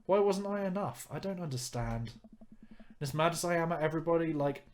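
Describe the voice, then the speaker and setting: A sulky, hurt teenage girl, as a gruff-voiced man reads her in a barely raised pitch. She asks wounded questions in a rough, plain voice. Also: fairly quick, slight background noise, natural voice.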